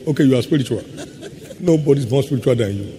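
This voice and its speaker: A man preaching a sermon as pastor, emphatic, trading quick asides for slow, stressed words. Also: mid-range voice, expressive, warm tone. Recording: faint hum in a long-reverb hall.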